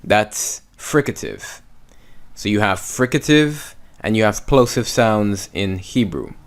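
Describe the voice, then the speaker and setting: A man's voice: on the low side, animated, takes it slowly. A man teaching Hebrew letters, patiently repeating each sound and stroke several times. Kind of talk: slow step-by-step lesson.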